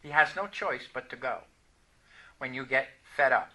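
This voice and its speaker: A man preaching a sermon, telling a personal story with animated, emphatic declarations. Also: medium pitch, moderate pace.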